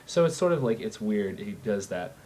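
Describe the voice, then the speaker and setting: Lowish guy rambling thru a how-to, lots of ums, bit of background hiss. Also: very animated, moderate pace, darkish tone. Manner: rambling, full of ums and restarts. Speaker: voice impression tutor. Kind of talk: casual how-to tutorial.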